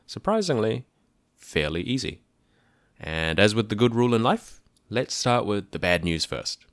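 A man hosting a podcast, explaining a language in a clear, methodical way with dry asides. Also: on the low side, a bit bright, no room sound. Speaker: podcast host teaching about a language.

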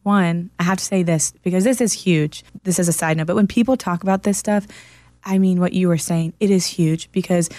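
A woman's voice: fairly low pitch, fairly even intonation, brisk, dark tone, no echo. A woman chatting on a podcast, telling a story in an earnest, explaining way. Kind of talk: casual chat.

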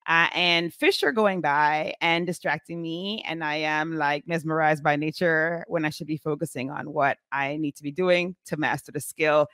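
A woman in her forties telling a story in a casual vlog, chatty and animated, with many fillers. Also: low voice, moderate pace, hardly any pauses, no echo, clean studio sound. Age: 40s.

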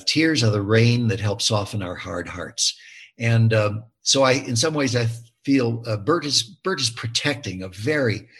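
A man's voice: medium pitch, a bit bright, breathy edge. An older man talking casually in an interview about his film, telling stories with many restarts and fillers.

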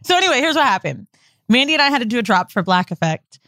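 Fast and fairly high-pitched, this podcast co-host spins casual stories full of swearing, acting out the quotes as she goes. The recording has no echo.

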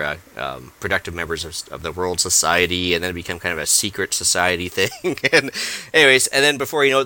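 A man's voice: low voice, bright, forceful tone. A man co-hosting a casual podcast, rambling and hunting for words with plenty of fillers. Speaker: podcast co-host.

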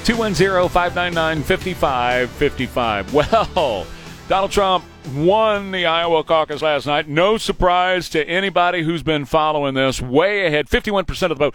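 A man's voice: fairly high pitch, a bit bright. A man with a Texan accent hosting an opinionated talk radio show, emphatic and hammering his points through repetition. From Texas. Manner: emphatic, repeats points for punch. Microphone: studio microphone.

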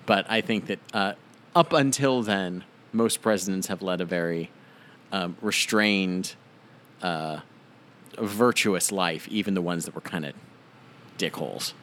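Podcast co-host, male, slightly low voice, riffs sarcastically in loose chat. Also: unhurried, a bit bright. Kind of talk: casual chat.

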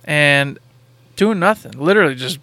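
Animated guy recounting a game story, bright slightly high voice. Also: normal speed, no room sound. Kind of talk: casual chat, storytelling.

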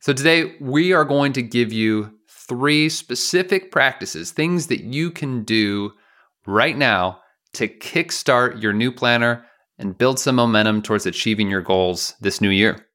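A man's voice: mid-range voice, measured pace, sharp tone. A man co-hosting a podcast in casual chat, playful, laughing often and explaining things step by step. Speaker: podcast co-host.

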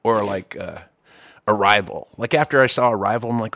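A man telling a long story in casual chat, profane and animated, with quick asides and restarts. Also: lowish voice, dry recording, clean studio sound.

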